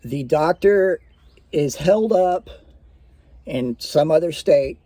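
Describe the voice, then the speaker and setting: A patient, firm hospital nurse explains things steadily and reassuringly, as a man quotes her in his mellow own voice. The sound is dry and close. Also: fairly high pitch, expressive, takes it slowly, dry recording.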